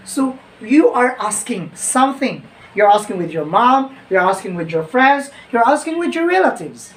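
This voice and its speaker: A woman's voice: on the high side, lively intonation, slow pace. Woman teaching grammar. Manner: repeats phrases, addresses "my dear viewers". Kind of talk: online grammar lesson. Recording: echoey room, distant mic, faint noise.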